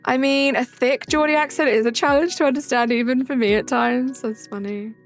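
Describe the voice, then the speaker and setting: Woman, young adult, live streamer, chatty, raspy low fry. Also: steady tone, a little fast, soft background music. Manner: chatty, reads and answers chat messages aloud. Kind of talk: casual live-stream chat.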